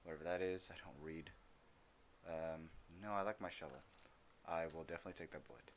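A man's voice: extremely low pitch, brisk, a little hiss or hum. A young man streaming a shooter game, rambling and joking as he talks to the characters he meets. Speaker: gaming streamer. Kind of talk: casual let's-play commentary.

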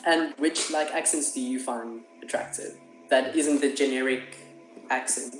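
A man's voice: medium pitch, unhurried, a little hiss or hum. A man with a South African accent in a casual video chat, talking loosely and hesitantly with many fillers. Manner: rambling, hesitant, lots of fillers and laughs. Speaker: chat partner. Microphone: video call. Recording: echoey room with music behind.

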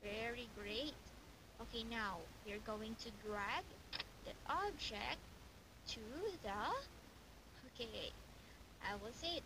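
A young woman teaching English online, giving a child a demo lesson with slow, exaggerated, sing-song praise. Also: a little high. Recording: hissy home recording.

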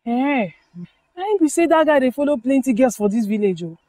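A woman's voice: high-pitched, expressive, brisk, dark tone, no echo. An actress playing a teasing village girl trading gossip, with a Nigerian Pidgin accent. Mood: gossipy.

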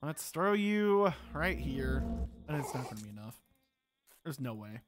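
A young man narrates his own gameplay, muttering and grumbling to himself about what just went wrong. His pitch swings widely, from low mumbles up to sharp high exclamations. He speaks into a desk mic with a faint hiss underneath. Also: very animated, unhurried. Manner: exasperated, talks to himself while playing. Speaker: gaming channel host. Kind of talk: gameplay commentary.

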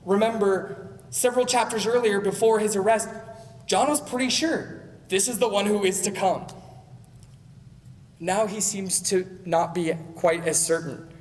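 Male pastor, high voice, chatty sermon delivery, reverberant sanctuary. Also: normal speed. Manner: conversational preaching with frequent "right?" asides. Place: church sanctuary. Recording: long church hall reverb.

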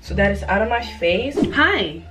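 A woman's voice: medium pitch, lively intonation, moderate pace, over music. A young woman vlogging at home, chatty and nervous, giggling and swearing freely as she talks to her viewers. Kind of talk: casual vlog chat to camera. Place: room at home.

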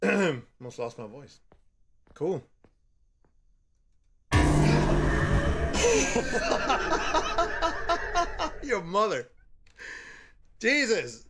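A man giving horror game commentary as a channel host, excitable and quick to yell when startled. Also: a little high, very noisy.

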